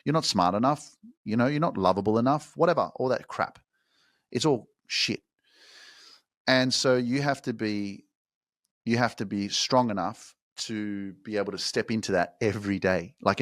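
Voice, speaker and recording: A man hosts a motivational podcast, speaking casually with heavy slang and profanity as he pushes his listeners hard in a fired-up way. His voice is medium-pitched and a bit bright at a moderate pace, captured on a microphone with clean studio sound and no room sound.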